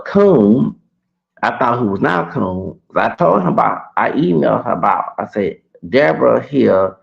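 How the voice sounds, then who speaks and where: A man telling a heated, rambling personal story to camera, repeating himself and swinging between loud and soft. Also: lowish voice, gravelly, muffled recording. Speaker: vlogger.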